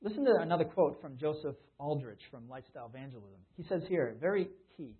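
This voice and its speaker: A man's voice: fairly high pitch, expressive, quick pace, breathy edge. A man preaching a sermon in a conversational way, often restarting his sentences. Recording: tinny phone-like sound.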